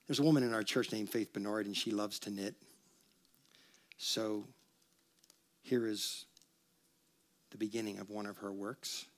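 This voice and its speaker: Pastor preaching with playful humor. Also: male voice, fairly low pitch, fairly even intonation, a little slow, pauses often. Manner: conversational preaching with humor and call-and-response. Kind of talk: sermon. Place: church sanctuary.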